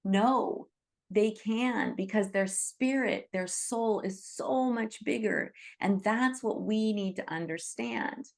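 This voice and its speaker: Gravelly-voiced woman teaching gently. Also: medium pitch, slow pace. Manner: earnest, reassuring, frequent "right?" and "you know". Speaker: Reiki teacher leading an online group. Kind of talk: teaching talk to an online group.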